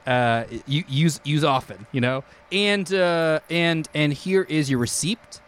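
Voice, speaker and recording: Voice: medium pitch, slow pace, a bit bright, pitched below the performer's own voice. A game master voicing a jokey, rambling theme park cashier in a tabletop game. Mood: playful.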